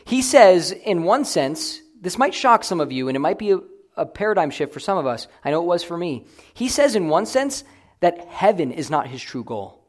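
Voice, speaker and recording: A young man delivering a sermon as a pastor, earnest, swinging between loud emphatic declarations and quiet, hushed asides. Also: high voice, sing-song, moderate pace.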